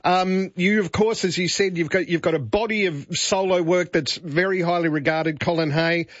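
A man hosting a radio interview, brisk and enthusiastic. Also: sits high, no echo, dull audio. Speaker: radio host.

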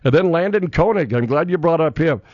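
A man's voice: fairly high pitch, animated, a little fast, no echo. A man from North Dakota reading a morning radio sports update, joking and rattling off scores with filler. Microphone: studio microphone. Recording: dry, slightly muffled radio studio.

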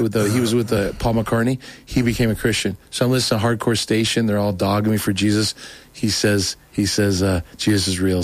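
A man's voice: mid-range voice, no echo. Man rambling through a story. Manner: rambling, animated storytelling, acts out quoted voices. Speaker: guest. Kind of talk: casual testimony.

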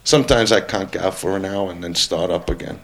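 A man doing a crude, brash stand-up routine with an excitable, punchy delivery. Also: sits low, a little fast. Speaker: stand-up comedian.

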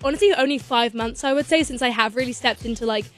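A woman's voice: a little high, faint music behind. A young woman, chatting as a guest in a bubbly, gushing way, full of "like"s. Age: young adult. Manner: bubbly, gushing, fast-talking with many "like"s. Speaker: singer and actress guest. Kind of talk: bubbly casual interview chat.

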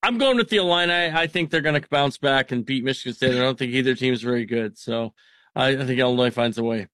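A man's voice: mid-range voice, fast, fairly bright tone, dry recording, clean studio sound. A man co-hosting a sports radio show, making casual game picks with an easy laugh. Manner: laughs easily, joking. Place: radio studio.

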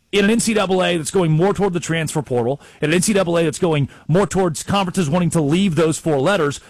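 A man co-hosting a sports talk show, telling stories excitedly and acting out the people he quotes. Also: high-pitched, no room sound. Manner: excitable storyteller, acts out quotes.

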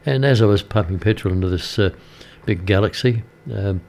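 An older man with an Australian accent chats on air from a small radio studio, drifting through a story with plenty of halting fillers and restarts. His voice sits somewhat low for a man, and the talk is easygoing and unscripted. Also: gravelly, darkish tone. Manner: rambling, halting with many fillers. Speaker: radio presenter. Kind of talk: casual radio chat between songs.

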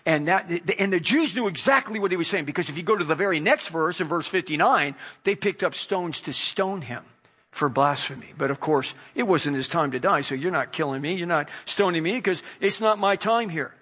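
Male preacher, high and bright voice, animated sermon that acts out the quoted lines. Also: brisk, breathy edge.

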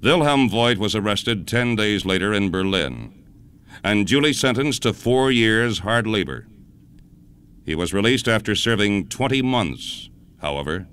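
A man hosting a radio show, telling a historical story in a measured, dramatic scripted narration. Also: on the low side, animated, fairly bright tone, clear, resonant tone.

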